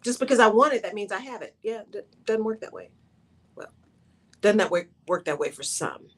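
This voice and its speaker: A woman's voice: medium pitch, lively intonation, fairly quick, a bit bright. A woman hosting a talk radio show, speaking in an emphatic monologue that repeats its key phrases and keeps checking in with "right?".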